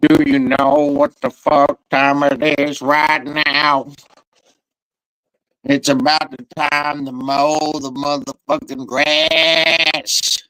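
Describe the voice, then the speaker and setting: A man's voice: a little high, takes it slowly, gravelly, sharp tone, smooth, no room sound, low-quality recording. A man vlogging casually outdoors in the rain, rambling and swearing loosely to himself and his cat.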